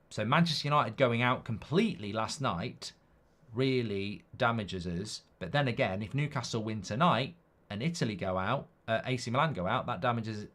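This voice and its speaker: A man hosting a live football watchalong, chatting casually and reading out viewer comments. He rambles in an animated way, swears freely and riffs on silly hypotheticals. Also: on the low side.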